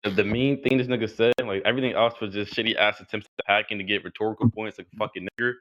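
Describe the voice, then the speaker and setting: Fast, sharp-voiced young man ranting aggressively. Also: lowish voice, fairly even intonation. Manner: aggressive, insulting, rapid-fire ranting. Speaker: online debater. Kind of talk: heated voice-chat debate. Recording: dull lo-fi voice chat audio.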